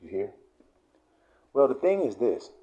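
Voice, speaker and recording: Animated, profane man preaching. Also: medium pitch, unhurried, highs cut off. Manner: impassioned, profane, emphatic. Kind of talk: street-style sermon vlog.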